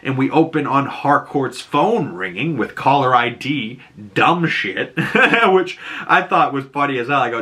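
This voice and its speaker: A man with a Boston accent, hosting a casual recap of a TV episode. He talks in an animated way, laughs often, and jumps into high put-on voices when he quotes characters. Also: measured pace. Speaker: YouTube show host.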